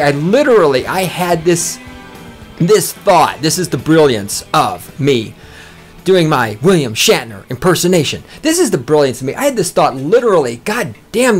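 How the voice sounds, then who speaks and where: A man hosting a podcast from a small studio, ranting loudly and boastfully with heavy swearing. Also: sits high. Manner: loud, fired-up, profane and boastful. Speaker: podcast host. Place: small recording studio with a control room.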